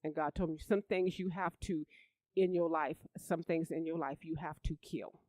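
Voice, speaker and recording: Preacher, sermon delivery, animated storyteller, mid-pitched, dry close sound. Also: moderate pace, no echo, low-quality recording. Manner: animated storytelling, rising loud for emphasis; repeats words and restarts.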